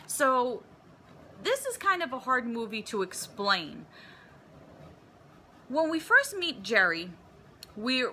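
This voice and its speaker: A woman's voice: medium pitch, pushed and bright, slight background noise. A woman giving a casual, rambling movie review, with plenty of fillers and restarts.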